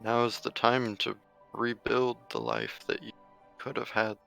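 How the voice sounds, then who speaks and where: A man playing in a tabletop game, speaking in an earnest, measured way in character. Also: medium pitch, little pitch movement, creaky, music in the background, rough recording. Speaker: player.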